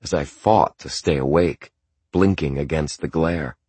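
Low husky male audiobook narrator. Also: dark tone, no room sound. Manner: measured, reflective. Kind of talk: scripted first-person novel narration.

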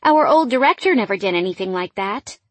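A woman voicing an eager young female employee who talks high and gushing. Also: expressive, fairly quick, dry recording, natural voice.

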